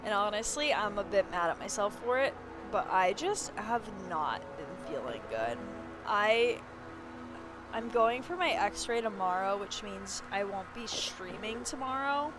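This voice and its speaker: A woman's voice: medium pitch, expressive, unhurried, music in the background. A young woman streaming, chatting casually in a rambling way and swearing freely. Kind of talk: casual chat.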